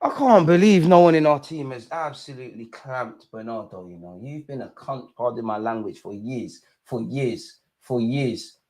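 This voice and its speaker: A young man hosting a live football watch-along, reacting with slangy banter that swings from loud shouting to low muttering. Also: expressive, normal speed, few pauses. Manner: slangy banter, swears at the screen. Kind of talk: live match reaction commentary.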